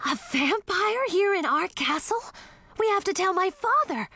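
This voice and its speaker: A high, breathless young princess, earnest and urgent, her pitch leaping about in a storybook reading, as a woman puts her on. Dry, close sound. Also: animated, moderate pace, no echo. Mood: alarmed.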